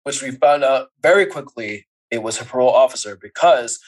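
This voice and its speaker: Podcast co-host, male, mid-pitched, chatty animated recap delivery. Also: a little fast, poor audio. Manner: animated storytelling, acts out characters' lines with laughs. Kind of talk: casual movie recap chat.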